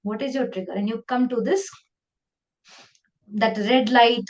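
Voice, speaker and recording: A woman with an Indian English accent leading a live online training session, talking in a lively, conversational way and slipping into Hindi phrases. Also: fairly high pitch, normal speed, highs cut off.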